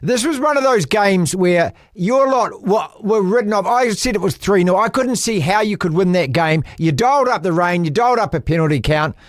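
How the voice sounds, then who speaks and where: A man hosting a casual sports chat, bantering with plenty of quick restarts. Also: high-pitched, expressive, dry recording, studio quality. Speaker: podcast host.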